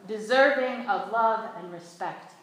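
A woman's voice: medium pitch, a little slow, crowd noise. A woman preacher delivering an earnest sermon in a church sanctuary, leading the congregation in call-and-response. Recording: very echoey church hall.

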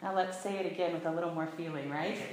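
A woman's voice: fairly low pitch, steady tone, fast, very noisy. Woman preaching in a very echoey church. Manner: earnest, leads call-and-response. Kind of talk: sermon. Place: church sanctuary.

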